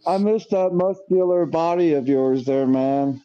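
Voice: medium pitch, measured pace, dark tone, clean tone, lo-fi sound. A guest on a live stream, chatting casually by phone, talking hesitantly with many filler sounds.

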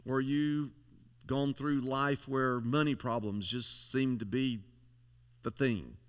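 A man's voice: medium pitch, a bit bright. A male pastor preaching a folksy, emphatic sermon, leaning on repeated phrases. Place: church sanctuary. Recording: long church hall reverb.

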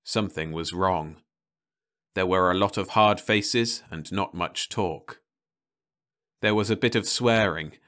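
Bright, smooth male story reader. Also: low voice. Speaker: audiobook narrator. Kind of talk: story reading.

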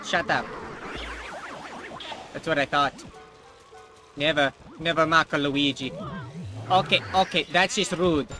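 A man's voice: a little high, measured pace, pauses often, sharp tone, soft background music, low-quality recording. A man hosting a let's play, giving casual gameplay commentary with sarcastic jokes aimed at the game. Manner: sarcastic and jokey, talks back to the game.

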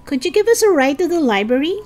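A woman reading a storybook aloud and voicing a quick, outspoken third-grade girl in a higher voice. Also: big pitch swings, a little mellow. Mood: polite.

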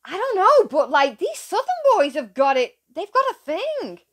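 A woman's voice: high-pitched, big pitch swings, moderate pace, a bit bright. A young woman from England hosting a reaction video, chatting casually in a giggly, gushing, rambling way.

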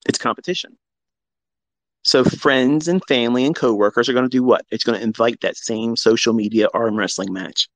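A man's voice: medium pitch, normal speed, no room sound, rough recording. Blunt, profane man telling a story. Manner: blunt and profane, acts out both sides of remembered arguments. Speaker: host. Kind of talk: casual storytelling on a live audio chat.

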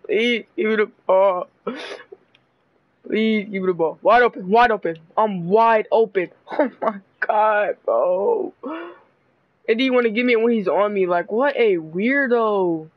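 A young man giving excitable, laughing, profane commentary while playing a basketball video game, on a dull lo-fi mic. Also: high voice, measured pace, no echo. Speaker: gamer. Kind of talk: live gameplay commentary. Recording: dull lo-fi dry mic audio.

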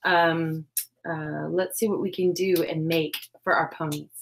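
A woman's voice: sits low, steady tone, unhurried, a little hiss or hum. Chatty woman hosting a craft stream. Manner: chatty, self-deprecating, reads chat aloud. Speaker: crafting livestream host. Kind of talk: casual livestream chat. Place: home craft room.

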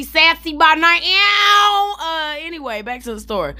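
Sassy young woman doing a storytime vlog, bright punchy voice, cussing and talking right at the viewers. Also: medium pitch. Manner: animated, profane, sassy storytelling with direct asides to viewers. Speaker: comedian telling a story while styling her hair.

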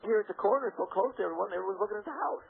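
Gravelly man telling a story by phone. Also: sits high, rapid-fire. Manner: animated storyteller acting out quoted dialogue. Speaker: interview guest. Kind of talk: phone-in radio interview. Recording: phone-line radio broadcast.

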